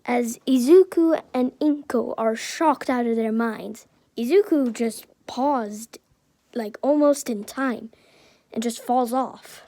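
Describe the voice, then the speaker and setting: A woman narrating an improvised fan story in a high voice, rambling and stopping to correct herself with little giggles. She talks slowly, and the sound is dry and close to the mic. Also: warm tone, no echo.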